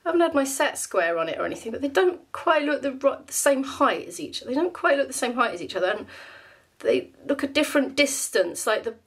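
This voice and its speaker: A woman's voice: high voice, big pitch swings, a little fast. A woman vlogging at home, talking to camera in a chatty, rambling, emotional way. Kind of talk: casual vlog chat to camera. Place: at home, indoors. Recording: echoey room.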